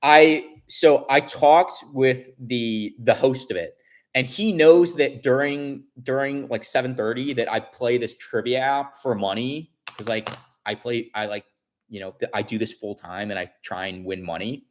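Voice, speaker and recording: A man's voice: mid-range voice, unhurried. A man vlogger telling a story in casual chat, rambling with many restarts and fillers, and swearing when upset.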